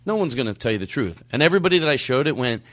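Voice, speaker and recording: Lively man hosting a comedy podcast. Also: racing. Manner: animated storyteller, jumps into silly high voices. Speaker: podcast host. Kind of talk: casual comedic chat.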